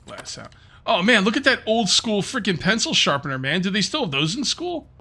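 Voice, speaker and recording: A man's voice: high voice, big pitch swings, a little fast, pushed and bright. A middle-aged man giving casual, rambling commentary while playing a survival game, thinking aloud and muttering to himself. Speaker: gaming video host.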